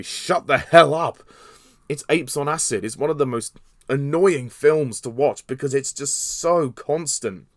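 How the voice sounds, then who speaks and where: A man's voice: mid-range voice, dry recording, clean studio sound. A young man hosting a podcast, delivering a sweary, exasperated rant reviewing a film. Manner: exasperated, sweary, animated rant with bursts of laughter.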